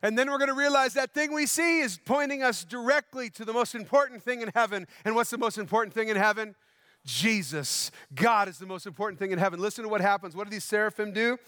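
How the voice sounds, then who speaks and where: Male pastor, high-pitched and dry, preaching with emphatic repetition and questions to the congregation. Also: fast talker, sharp tone, no room sound. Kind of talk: sermon. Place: church sanctuary.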